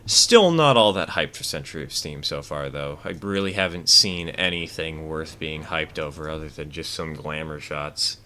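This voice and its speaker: Deep, bright-voiced male game streamer. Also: normal speed, few pauses. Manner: chatty, rambling and opinionated, with fillers. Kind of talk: casual gameplay commentary, reading chat.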